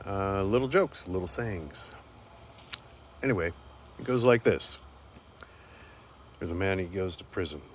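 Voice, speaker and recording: A man telling a joke and musing on perspective in a rambling, earnest monologue. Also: sits low. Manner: rambling, earnest, repeats words. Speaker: speaker sharing life reflections. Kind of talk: casual reflective monologue. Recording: faint background noise.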